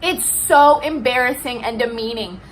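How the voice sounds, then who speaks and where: A woman's voice: fairly high pitch, normal speed, a little hiss or hum, poor audio. A young woman venting in a heated, profane rant to her vlog viewers. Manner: heated, profane, emphatic ranting. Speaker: vlogger. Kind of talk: ranting vlog.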